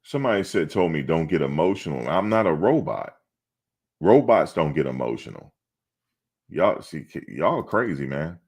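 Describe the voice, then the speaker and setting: A man's voice: extremely low pitch, big pitch swings, moderate pace, a little mellow, husky. A middle-aged man hosting a sports channel, chatting casually on a live stream and answering his chat in a blunt, streetwise way.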